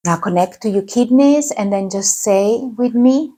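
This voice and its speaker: A woman teaching a qigong class, calmly guiding movements and breathing. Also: mid-range voice, unhurried, few pauses. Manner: calm, guiding instructions. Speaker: qigong instructor.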